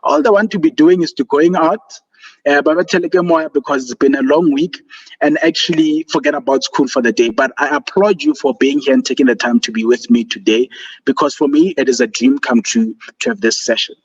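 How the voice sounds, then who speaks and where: A man's voice: on the high side, a little fast, slightly rough. A man presenting a student seminar over a video call, earnest and encouraging, with fillers. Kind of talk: motivational online seminar talk. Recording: dull lo-fi call audio.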